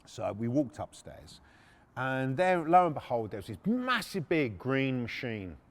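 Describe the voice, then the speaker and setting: A middle-aged man tells a story in a blunt, sweary, casual way. His voice sits at an ordinary pitch, and he often restarts his sentences. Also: sing-song, unhurried. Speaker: podcast host, former repo man.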